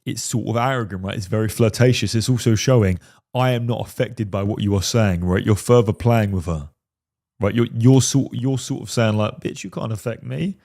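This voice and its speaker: Dark-voiced emphatic male dating coach. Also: fairly low pitch, moderate pace. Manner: emphatic, keeps asking "right?". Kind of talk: commentary on a film clip.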